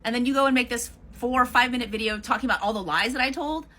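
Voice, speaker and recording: A woman's voice: fairly high pitch, fast talker, sharp tone. A woman answering a critic in a heated response video, blunt and confrontational, swearing freely.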